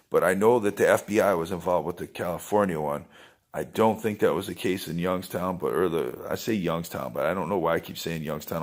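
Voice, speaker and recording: A man talking in a casual, rambling monologue, wandering between thoughts and swearing freely. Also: sits low.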